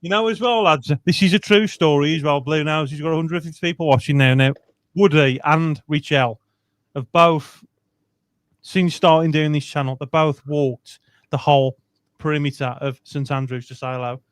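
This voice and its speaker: Chatty man, bright pitch. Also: fairly even intonation, normal speed, no echo. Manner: chatty and laughing, tells anecdotes. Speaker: fan channel host. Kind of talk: casual fan podcast chat.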